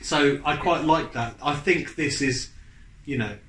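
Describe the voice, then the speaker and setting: A man's voice: a little high, a bit bright. A man chatting casually as a podcast co-host, rambling and restarting his sentences. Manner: rambling, halting with restarts and fillers. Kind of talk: casual chat. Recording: echoey room.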